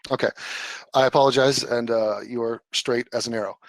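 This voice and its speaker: A man's voice: mid-range voice, steady tone, fairly quick, dry recording. A man hosting a live call-in stream, blunt and profane, answering callers in casual chat. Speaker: livestream host answering callers.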